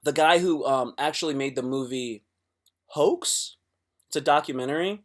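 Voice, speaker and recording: A man's voice: fairly high pitch, normal speed. Rambling, profane man. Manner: profane, rambling, with many restarts. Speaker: livestreamer. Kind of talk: casual livestream chat.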